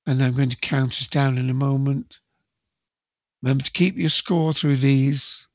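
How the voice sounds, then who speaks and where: A man hosting a solo podcast quiz in a chatty way, spelling out letters slowly and counting down to each answer. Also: mid-range voice, steady tone, dry recording, dull audio. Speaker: quiz host.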